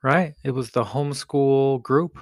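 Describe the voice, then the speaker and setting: A man's voice: medium pitch, a little slow, no room sound, clean studio sound. A middle-aged man co-hosting a casual family podcast with his young daughter, playful and joking, laughing often. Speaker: podcast co-host, father.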